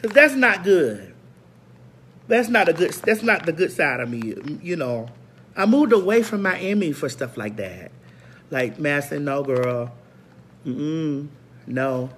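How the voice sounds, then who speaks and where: A woman's voice: low voice, lively intonation, slow, slight background noise. A woman hosting her own online show in a brash, profane, unscripted rant to viewers, hammering single words over and over.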